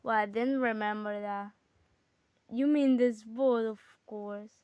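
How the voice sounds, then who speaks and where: A high-voiced woman chats through a game with her sibling, exclaiming and bickering. She talks at an unhurried, drawn-out pace even when she gets excited. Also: clean tone, dry recording, highs cut off. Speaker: gamer. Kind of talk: casual gaming chat with a sibling.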